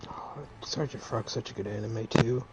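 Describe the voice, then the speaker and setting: A man's voice: on the low side, fairly even intonation, normal speed, loud music behind the voice. A man making laid-back remarks in casual voice chat, heard over a muffled connection.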